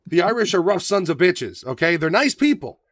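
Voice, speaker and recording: A man co-hosting a podcast, chatting casually, profane and animated, often acting out voices. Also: high voice, brisk. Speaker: podcast co-host. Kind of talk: casual banter.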